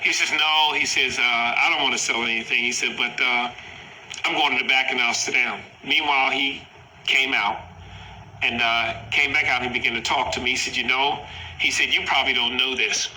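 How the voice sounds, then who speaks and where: A man recounting a personal encounter in a halting storytelling manner, often repeating "he said". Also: medium pitch, steady tone, pushed and bright. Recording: echoey room with faint noise.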